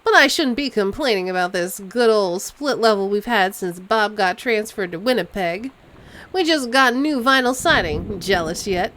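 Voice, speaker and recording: A woman's voice: mid-range voice, expressive, normal speed, a bit bright, slight background noise, close to an everyday voice. Woman doing a chatty letter-writer in an old-film accent. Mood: breezy. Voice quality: mildly transatlantic old-film accent, a bit nasal. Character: chatty middle-aged woman writing a letter.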